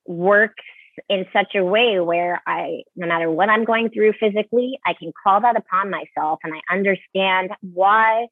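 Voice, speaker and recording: Here a ballet dancer from Utah, USA, in her thirties, chats candidly as a guest in a casual interview, filling her speech with many fillers. Her voice is medium-pitched at a normal speed, with no echo, though it comes through a tinny phone line.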